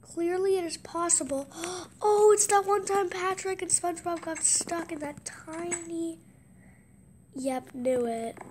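High-voiced, excitable woman commentating a game. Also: measured pace, a little hiss or hum. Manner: excitable, gasping, with hushed asides. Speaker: gameplay commentator.

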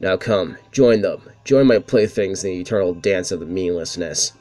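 A cruel ghost villain who taunts and mocks in a theatrical sneer, as a gamer reads his lines aloud. The voice sits low and carries faint game music behind it. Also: normal speed, a little mellow, close to an everyday voice. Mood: gloating. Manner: mocking, taunting, with villainous laughs. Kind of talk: reading game dialogue aloud.

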